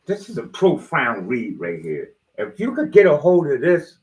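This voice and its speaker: A man's voice: medium pitch, wildly swooping pitch, normal speed, darkish tone. A man giving a rambling motivational monologue, preachy and slangy, with loose jokes and swearing. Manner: slangy, street-style talk. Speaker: motivational video host.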